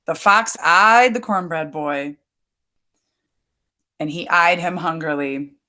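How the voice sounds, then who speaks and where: A woman reading a picture book aloud as a storyteller, pausing to add explanatory asides for listeners. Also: lowish voice, sharp tone.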